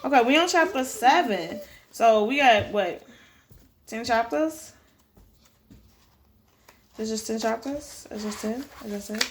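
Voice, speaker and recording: A young woman chatting casually on her reading vlog, dramatic and expressive, full of slang. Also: fairly high pitch, unhurried, long pauses, a little hiss or hum. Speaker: book-reading vlogger.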